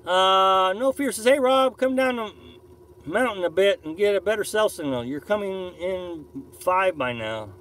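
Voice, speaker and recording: A man's voice: high-pitched, expressive, unhurried, long pauses, a bit bright, a little hiss or hum, poor audio. A man from Missouri hosting a casual live stream from his camper, rambling and opinionated as he reads viewer comments. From Missouri, USA. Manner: rambling, repeats and restarts, opinionated. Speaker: live-stream host reading viewer chat. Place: camper on a beach campsite.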